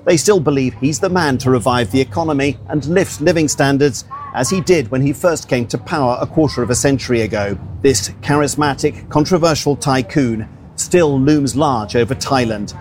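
A man delivering a news report in a measured tone. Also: mid-range voice, slight background noise.

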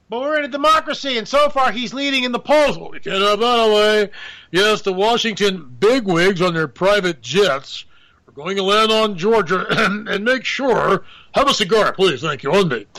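Bright-voiced sarcastic male political commentator. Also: sits high. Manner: sarcastic, rambling, jokey asides. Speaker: radio show host.

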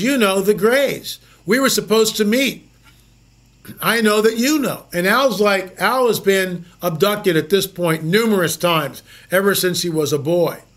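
A man's voice: sits high, a bit bright. A man hosting a show, telling stories in an emphatic monologue full of repeated words and rhetorical questions. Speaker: show host. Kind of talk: storytelling monologue.

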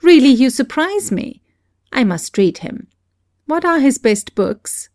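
A woman reading the dialogue of a reserved, earnest English male novelist in a polite, measured way. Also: high-pitched, big pitch swings, darkish tone, dry recording, clean studio sound, voice pushed up. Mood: surprised.

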